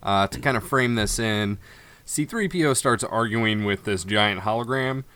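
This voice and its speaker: A man's voice: lowish voice, normal speed, bright, forceful tone, no echo. A man hosting a casual podcast chat, recapping an episode with laid-back asides. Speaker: podcast host.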